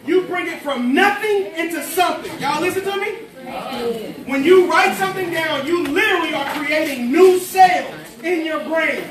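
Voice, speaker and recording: A man, giving an energetic, preachy motivational speech with call-and-response to students in a large hall. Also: extremely high pitch, moderate pace. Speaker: motivational speaker. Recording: echoey hall from far off, chattering crowd.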